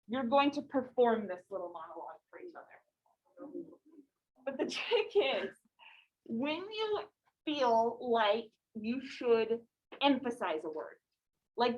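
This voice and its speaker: A woman's voice: fairly high pitch, muffled recording. Casual woman teacher lecturing a class. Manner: casual, explains with many "like"s and questions to the class. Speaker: high school English teacher.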